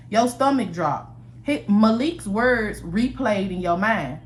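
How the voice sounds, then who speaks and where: A woman's voice: mid-range voice, lively intonation, slow. A woman storyteller giving a casual, chatty storytime narration straight to the camera, swearing freely as she talks to viewers. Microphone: camera mic, recorded to camera.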